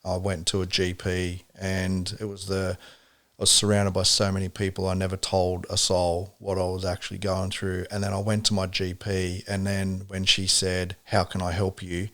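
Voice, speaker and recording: Deep, flat-voiced host. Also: male voice, moderate pace. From Australia. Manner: calm, sympathetic questioning. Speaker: podcast host. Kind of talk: casual interview talk.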